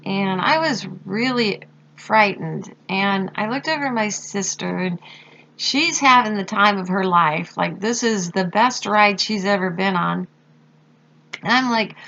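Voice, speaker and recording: A woman slowly recounting a personal experience, halting with fillers and pauses. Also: mid-range voice, creaky, a bit bright. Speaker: storyteller recounting a near-death experience. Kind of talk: slow personal testimony. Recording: dull lo-fi recording.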